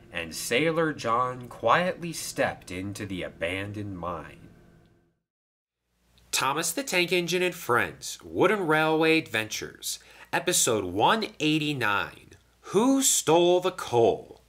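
A man narrating a toy-train storybook with slow, expressive storytelling. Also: mid-range voice.

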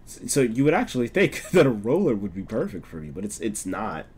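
A young man giving casual live commentary over a game, voice swinging all over the place in pitch. He laughs, curses freely and jumps from mumbling asides to loud yelps. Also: a little fast, husky. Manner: swears a lot, laughs, excitable outbursts. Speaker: streamer.

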